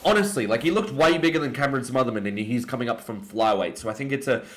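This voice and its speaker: Excitable Australian man breaking down fights. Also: fast. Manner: opinionated, excitable, jumps up in pitch on emphasis. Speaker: MMA commentator.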